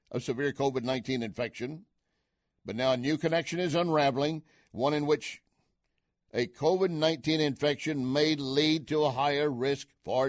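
A man's voice: medium pitch, dry recording. An older man hosting a talk radio show, delivering an opinionated monologue with emphatic, punchy asides into a studio mic.

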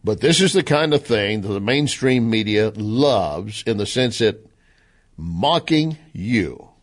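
A man from the American South with a Southern accent, hosting a talk radio monologue, sarcastic and animated as he retells and mimics what others said. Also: fairly low pitch, slow. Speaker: radio commentary host.

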